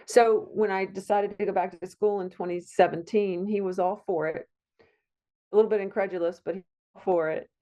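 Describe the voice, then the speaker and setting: A woman's voice: mid-range voice, steady tone, brisk, mellow. A middle-aged woman from Virginia, a psychiatric nurse practitioner, talking in a heartfelt, rambling way as an interview guest. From Virginia, USA. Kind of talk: conversational interview.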